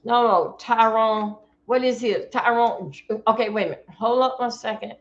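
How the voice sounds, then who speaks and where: A woman's voice: fairly high pitch, moderate pace, highs cut off. A woman from Florida, giving blunt casual commentary to her live-stream chat from home.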